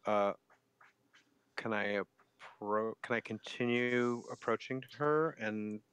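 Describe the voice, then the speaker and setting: A man playing a tabletop game who speaks casually and hesitantly, often pausing on fillers. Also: fairly low pitch, a bit bright, smooth, dry recording. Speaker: player.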